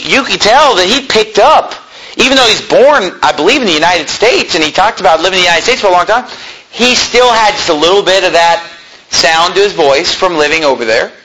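A man with a high, husky voice preaches from a church pulpit. His pitch leaps up and down with lively swings, and he drives each point home emphatically and often turns to his listeners with rhetorical questions. His tone is bright and forceful. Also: a little hiss or hum, low-quality recording. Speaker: pastor. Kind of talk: sermon.

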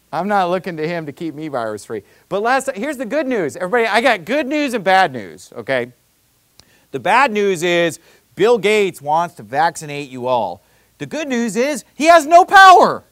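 A man preaching a sermon in an animated, conversational way, full of rhetorical questions and quoted scripture. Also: high-pitched, no room sound. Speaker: pastor.

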